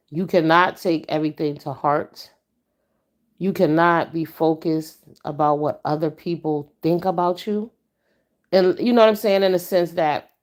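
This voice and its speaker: A woman hosting a casual livestream chat, blunt and stern, talking back to her viewers. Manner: blunt, profane and stern, with animated pitch jumps. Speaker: livestream host.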